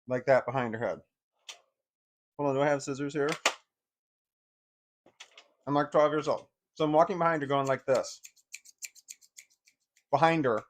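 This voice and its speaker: A man telling a personal story in a casual, rambling way, full of fillers and repeating himself. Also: medium pitch.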